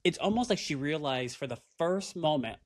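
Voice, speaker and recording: A man co-hosting a casual recap podcast, talking in an animated way, swearing and acting out quotes. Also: a little high, normal speed, dry recording. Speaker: podcast co-host.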